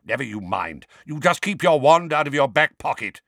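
A grizzled old wizard, as a man puts him on growls out blunt, barking warnings in a low, gravelly voice. He is suspicious and irritable, with a pitch that rises and falls sharply. The sound is dry and close, as in a storybook reading. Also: very animated, moderate pace, sharp tone, dry recording, heavily acted. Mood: gruff.

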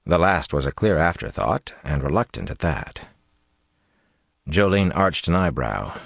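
Deep-voiced male audiobook narrator. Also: sing-song, unhurried, vocal fry, dry recording, clean studio sound. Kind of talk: scripted narration.

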